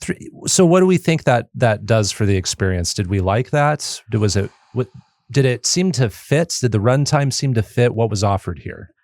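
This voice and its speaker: A man co-hosting a game review podcast in casual chat, animated and laughing often, asking questions. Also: mid-range voice, moderate pace, no room sound, clean studio sound. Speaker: podcast co-host.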